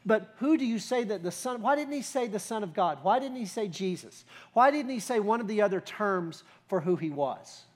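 High-voiced man preaching a sermon. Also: expressive, normal speed, hardly any pauses. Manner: conversational preaching, rhetorical questions, emphatic builds. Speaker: pastor.

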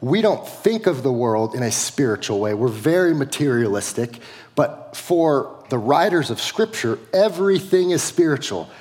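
A man's voice: mid-range voice, big pitch swings, normal speed, darkish tone, long reverb tail. A middle-aged man preaching a sermon as a pastor, conversational, with frequent casual fillers.

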